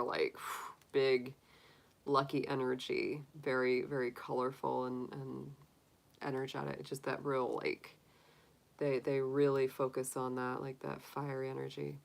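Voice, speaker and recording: A woman's voice: low voice, clean tone, rough recording. A woman hosting a tarot live stream, chatting casually with viewers, laughing often and acting out little quotes.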